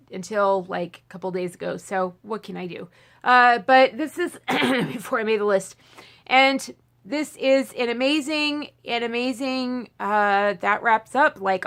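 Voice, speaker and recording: Woman vlogger with a highish voice, casual and rambling, lots of restarts. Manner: rambling, full of fillers and restarts; bursts into high excited squeals. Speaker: movie vlogger. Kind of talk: casual chat to camera.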